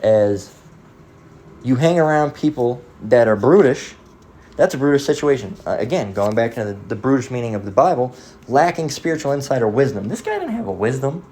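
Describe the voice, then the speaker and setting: A man's voice: medium pitch, expressive, fairly quick, a little mellow. A man giving a casual, profane sermon-style monologue, rambling through stories and acting out the voices of people in them. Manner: acts out voices in quoted dialogue. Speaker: preacher.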